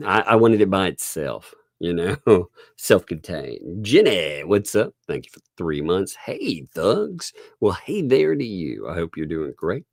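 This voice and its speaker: A deep, creaky-voiced man from Oklahoma hosts a casual live stream. He rambles, chuckles often, and thanks his viewers, all captured with a very dry, close-up sound.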